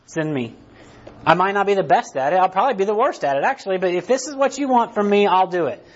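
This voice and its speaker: A man with a high voice gives a casual, conversational sermon and keeps tagging his points with "right?". The recording has a dull, lo-fi sound. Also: animated, very fast. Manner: conversational preaching, frequent "right?" tags, restarts. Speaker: pastor.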